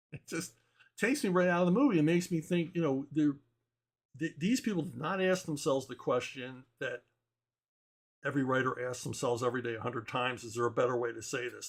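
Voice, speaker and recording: A man's voice: mid-range voice, normal speed, vocal fry. Chuckling, blunt, rambling man. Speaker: comic book writer answering viewer questions. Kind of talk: casual opinionated chat.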